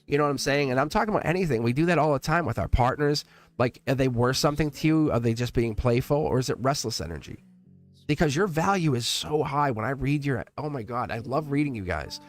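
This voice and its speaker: A middle-aged man hosts a live tarot stream and talks at length to his viewers in a voice of ordinary pitch for a man. He is effusive and rambling, restarting his sentences and laughing often. Soft music plays faintly behind him. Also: animated, fast talker. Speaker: live tarot reader and channel host.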